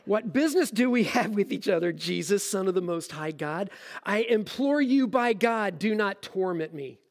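A man's voice: high voice, animated, normal speed. A man voicing a creepy, demon-possessed man who pleads for mercy in a sermon reading. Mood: pleading.

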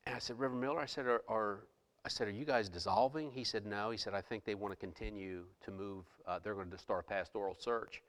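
This fairly low-pitched, slightly bright male voice moves fast, carrying the sound of a big room. He is a middle-aged pastor giving sermon testimony in church, recounting a personal story to the congregation with many restarts and quoted dialogue.

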